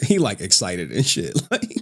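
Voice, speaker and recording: A man's voice: lowish voice, wildly swooping pitch, a little slow, vocal fry. A man ranting on a livestream in crude slang, laughing often. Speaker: streamer commentator. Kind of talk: casual livestream rant.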